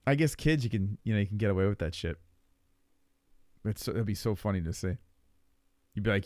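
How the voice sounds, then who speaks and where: A man in his forties with a New York accent, rambling and swearing in casual live stream chat while high, chuckling often. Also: brisk, long pauses, a little mellow, dry recording, clean studio sound. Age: 40s.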